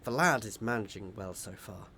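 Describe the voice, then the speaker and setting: A man doing a low, loyal old steward. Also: normal speed, pushed and bright, slight background noise. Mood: confiding. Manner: low, confiding murmur.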